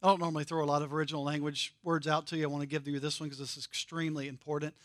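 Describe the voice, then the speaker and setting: A man preaching a sermon, emphatic and repeating key phrases, sometimes dropping very soft for emphasis. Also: on the high side, little pitch movement, racing, no room sound, studio quality. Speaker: pastor.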